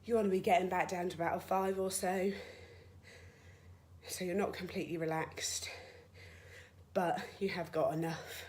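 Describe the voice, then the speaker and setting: A woman's voice: on the low side, steady tone, normal speed, a little mellow, echoey room. A woman leading a home workout as a fitness instructor, counting reps aloud and getting out of breath as she exercises along. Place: home room.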